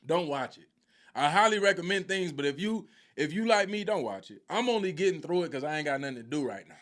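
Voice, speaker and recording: Animated man retelling a show. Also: a little high, fast talker. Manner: lively storytelling with quoted voices. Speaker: faith teacher. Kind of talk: animated live teaching.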